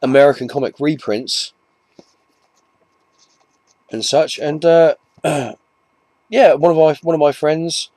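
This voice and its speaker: A man's voice: a little high, takes it slowly, pauses often, darkish tone, dry recording. A man with an English accent chatting casually to camera, rambling and often restarting his sentences, with self-mocking asides. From England. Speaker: comic collector vlogger.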